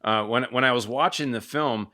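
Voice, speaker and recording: Bright-voiced eager male host. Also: medium pitch, normal speed. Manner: eager, affirms often. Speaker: podcast host. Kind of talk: casual interview talk.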